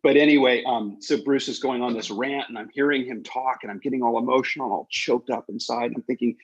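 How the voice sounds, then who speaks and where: A man's voice: mid-range voice, brisk, few pauses, husky, low-quality recording. A man hosting a podcast, telling long digressive stories in casual chat. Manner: animated storyteller, digressive. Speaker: podcast host.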